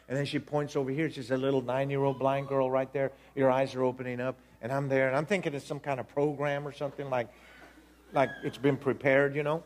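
A man giving an animated personal testimony, acting out voices, laughing and repeating himself as he tells it. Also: medium pitch, fairly quick.

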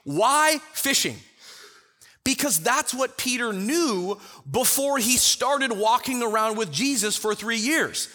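Animated high-voiced man teaching scripture. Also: slow, in a large hall. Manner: animated storyteller who acts out the quotes. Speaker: Bible study teacher. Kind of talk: conversational Bible teaching.

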